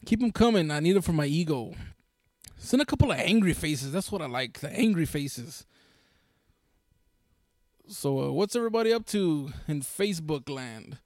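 Joking gravelly man on a live stream. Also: a little high, normal speed, no room sound, studio quality. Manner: joking, animated, laughs often. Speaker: podcast co-host. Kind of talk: casual live-stream chat.

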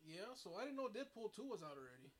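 A man's voice: high voice, very animated, quick pace, slight background noise. A man co-hosting a casual podcast chat, rambling with lots of fillers and frequent laughs. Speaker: podcast co-host.

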